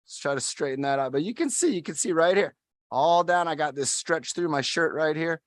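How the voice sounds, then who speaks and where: A man's voice: on the high side, lively intonation, brisk, dry recording. A man instructing an adaptive fitness class, talking in an upbeat, encouraging way and counting down the holds. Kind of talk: guided workout instruction.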